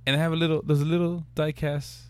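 A man chatting casually as a co-host, teasing and excitable, swearing freely. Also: fairly high pitch, quick pace, clean tone. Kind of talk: casual chat.

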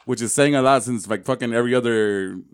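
A man's voice: mid-range voice, fast talker, clean tone. A young man co-hosting a podcast in casual chat, joking and laughing often, with lots of fillers. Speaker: podcast co-host.

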